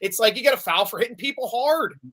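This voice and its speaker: A man talking football casually as a podcast guest, animated and telling stories, often stammering and repeating words. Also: extremely high pitch, fast. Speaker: podcast guest, Steelers fan. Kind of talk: casual sports chat.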